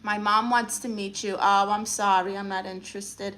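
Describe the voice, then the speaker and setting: Sassy bright-voiced Brooklyn woman. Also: medium pitch, flat delivery, normal speed. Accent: Brooklyn New York. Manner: sassy, teasing, flirtatious. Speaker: livestream host playing an aunt therapist. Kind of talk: live stream chat reading.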